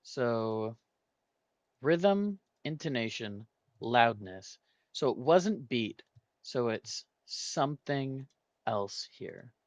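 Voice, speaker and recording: A man's voice: medium pitch, lively intonation, extremely slow, no echo. A man hosting a gaming video, thinking aloud and muttering guesses as he works through a word puzzle. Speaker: gaming channel host. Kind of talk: casual puzzle-solving commentary.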